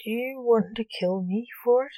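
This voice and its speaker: A woman's voice: on the high side, normal speed, mellow, no echo, pitched above the performer's own voice, lightly acted. A woman reading as a timid young male reporter. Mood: nervous.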